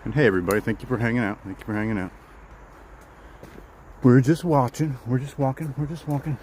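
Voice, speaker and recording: A man's voice: mid-range voice, steady tone, quick pace, darkish tone, a little hiss or hum, low-quality recording. A man casually chatting with live viewers while walking outdoors in the woods, rambling and repeating himself. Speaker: vlogger hosting a live walk.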